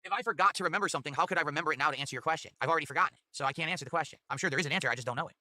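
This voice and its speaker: A man streaming, answering chat questions in a rapid, matter-of-fact way. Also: a little high, sharp tone, dry recording. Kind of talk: live-stream chat reading.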